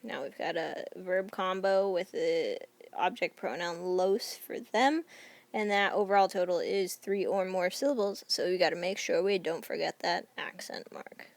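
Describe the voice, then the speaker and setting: Patient woman teaching grammar, slightly gravelly. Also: lowish voice, a little slow, dry recording. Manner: patient, explains step by step with examples. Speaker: Spanish teacher. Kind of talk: recorded grammar lesson.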